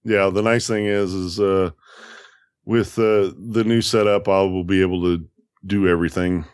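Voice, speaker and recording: A man with a fairly low voice co-hosts a casual podcast, explaining step by step with easy restarts. The sound is dry and close, with no room behind it. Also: fairly even intonation, normal speed, a little mellow, smooth, no room sound. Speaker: podcast co-host.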